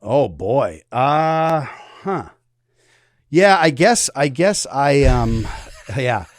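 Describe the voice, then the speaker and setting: A male podcast host chatting casually. He rambles freely, with frequent laughs, in a mid-pitched voice. The sound is close and dry. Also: sing-song, extremely slow, no echo. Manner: rambling, loose, laughing often. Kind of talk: casual chat.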